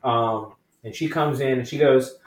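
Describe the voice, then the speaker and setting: A man's voice: mid-range voice, measured pace. Swearing chatty man in an echoey room. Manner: swearing, acts out stories in voices. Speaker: podcast co-host. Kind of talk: casual chat.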